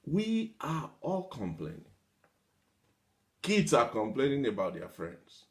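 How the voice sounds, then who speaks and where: A man speaking to an audience in a motivational talk, his voice sitting at an ordinary middle pitch. He piles up long lists of everyday examples and repeats phrases for effect. He drops into a whiny voice to mimic complainers and laughs lightly between points. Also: wildly swooping pitch, slow pace, pauses often.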